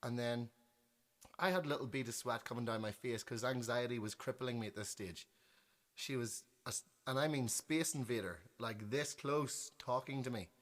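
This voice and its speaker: A young Northern Irish man chats to his livestream viewers, spinning a funny story. He is self-deprecating and animated, often breaking off to correct himself. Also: medium pitch, moderate pace. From Northern Ireland. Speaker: musician on livestream. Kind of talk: casual storytelling.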